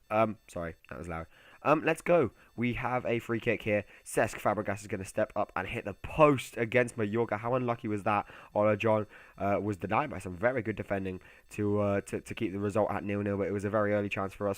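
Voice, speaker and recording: A young man giving casual, chatty commentary over a football video game, excitable and given to muttered asides. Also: fairly low pitch, a little fast, no echo. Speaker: gaming YouTuber.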